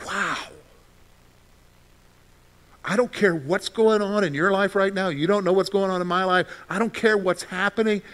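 Pastor, male, high and bright, animated sermon delivery that swings from worked-up to hushed. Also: normal speed, long pauses. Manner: animated preaching, acting out frantic prayers then dropping to soft reassurance.

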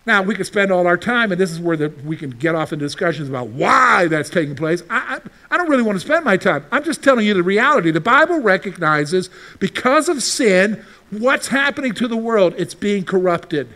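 Male pastor, high voice, very animated swings, chatty sermon, keeps quizzing the listeners. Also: brisk. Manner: conversational, asks the congregation questions and answers them; plays out imagined listeners' replies.

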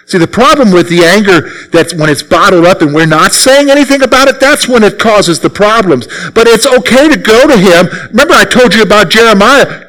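A man's voice: high voice, animated, fairly quick, few pauses, a bit bright, rough recording. A man preaching a sermon as pastor, emphatic and repeating his key phrases.

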